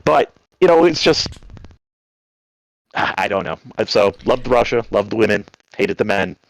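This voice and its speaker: With a creaky voice on the low side, a man calling in from New Jersey talks at normal speed, telling casual, rambling stories and animatedly voicing the characters in them. It's a rough recording.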